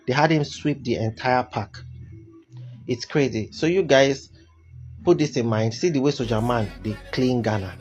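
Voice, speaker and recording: A Nigerian man with a Nigerian accent telling a casual story to camera, animated and dropping into pidgin. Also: medium pitch, moderate pace, soft background music.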